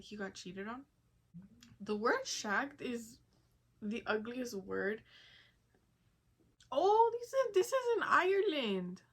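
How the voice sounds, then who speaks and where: Animated, foul-mouthed woman vlogger. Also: mid-range voice, poor audio. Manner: animated, profane, laughing asides. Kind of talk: casual reaction commentary.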